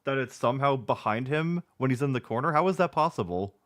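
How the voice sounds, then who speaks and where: A man reacting to a music video in casual commentary. He is sarcastic and swears, and his voice is strained from clearing his throat. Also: medium pitch, lively intonation, quick pace, fairly bright tone. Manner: sarcastic, swears, mutters asides. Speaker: reaction streamer.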